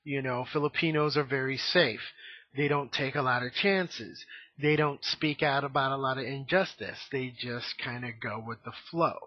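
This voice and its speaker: A man's voice: medium pitch, moderate pace, no echo. A man in his thirties talking frankly to his camera in a rambling, casual monologue full of fillers. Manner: rambling, frank, many fillers and "you know". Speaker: vlogger. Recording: dry, dull lo-fi home recording.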